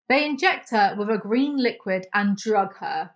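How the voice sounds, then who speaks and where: A woman's voice: a little high, animated, normal speed. A young British woman with a sarcastic, joking manner, recapping a novel aloud and mocking it with swears and asides. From United Kingdom. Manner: sarcastic, swears, mock voices and laughs. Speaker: book review YouTuber. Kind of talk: comedic book recap, reading aloud.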